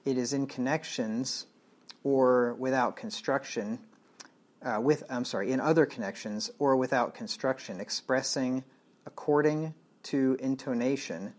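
This man has a medium-pitched, somewhat dark voice. He preaches a verse-by-verse sermon through a book of the Bible, reading the old wording aloud and explaining it in everyday language, blunt and plain-spoken throughout.

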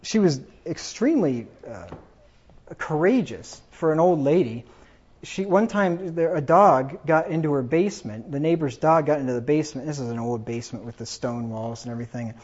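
A man's voice: on the high side, lively intonation, normal speed, darkish tone, husky. A man casually telling rambling family anecdotes, chuckling as he goes. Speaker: storyteller. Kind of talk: casual personal storytelling. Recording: dull lo-fi recording.

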